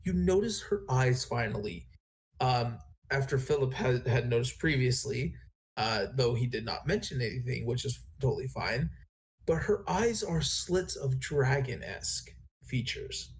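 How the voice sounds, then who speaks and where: A man narrating as game master in a tabletop game, often restarting and correcting himself. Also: medium pitch. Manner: rambling, self-correcting narration.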